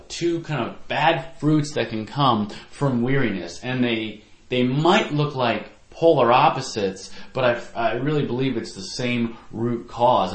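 A man preaching to parents, earnest and reflective, at a middle pitch. The sound carries a noticeable room echo, as if from a church hall. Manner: earnest, reflective preaching with warm personal stories. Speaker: youth pastor. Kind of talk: sermon to parents. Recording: echoey room.

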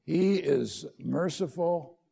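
A man's voice: on the high side, slow, vocal fry, dark tone, husky. A middle-aged man preaching a sermon as a pastor, conversational and direct, posing questions to his listeners.

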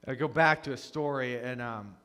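A man preaching a conversational sermon as a pastor, earnest, dropping to hushed confession and rising to loud emphasis. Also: medium pitch, normal speed. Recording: long reverb of a large hall.

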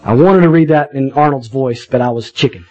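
A man preaching a sermon in a conversational, animated way, with wry asides to the congregation. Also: medium pitch, fairly quick, highs cut off, faint music behind. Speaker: pastor.

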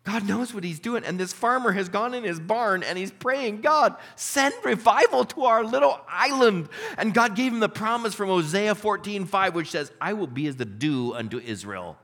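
A man preaching a sermon, telling a story and acting out its characters with lively expression. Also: sits high, normal speed, few pauses. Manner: animated, voices characters in stories. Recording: reverberant hall.

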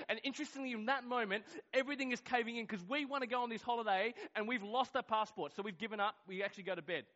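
A man with a high voice delivers a sermon as a lively story. He acts out what everyone said, swinging from loud, excited outbursts to hushed, quiet moments. The recording sounds a little dull and lo-fi. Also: quick pace, few pauses. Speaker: pastor.

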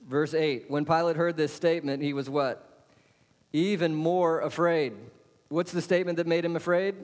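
A man preaching a sermon as pastor, putting questions to the congregation and answering them with emphasis. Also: on the high side. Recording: long hall reverb.

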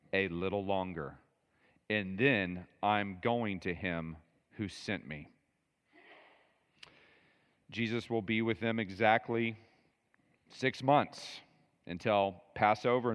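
Pastor, male, lowish voice, chatty and emphatic teacher, reverberant church hall. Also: fairly bright tone, smooth. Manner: conversational, emphatic, with asides to the congregation. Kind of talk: expository sermon.

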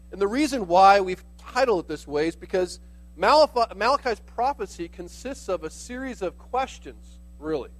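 A man with a fairly high voice delivers a sermon as a pastor, talking it through in a relaxed, explanatory way. A faint electrical hum sits under the recording. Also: low-quality recording. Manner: conversational preaching, explains with "like" asides.

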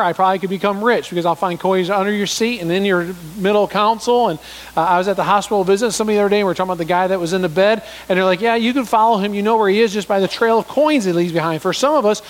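A man's voice: high voice, quick pace, long reverb tail. A man preaching a sermon in a conversational style, telling stories and acting out voices as he explains scripture. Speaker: pastor.

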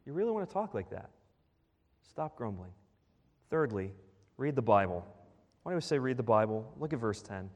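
Lively, animated man preaching in a reverberant church. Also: mid-range voice, moderate pace, long pauses. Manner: animated, rhetorical questions to the congregation. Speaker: pastor. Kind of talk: sermon. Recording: long reverb of a large hall.

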